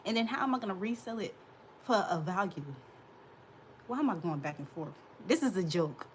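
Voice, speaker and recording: Sassy and laughing, a woman in her thirties hosts a casual livestream from a hot room, talking back to her chat. She speaks a little fast in an expressive mid-range voice, with slight background noise.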